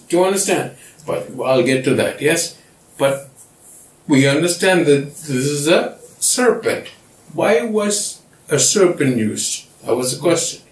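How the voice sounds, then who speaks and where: A man, the pastor, teaching a Bible study and often checking that his listeners understand. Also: a little high. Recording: echoey room from far off.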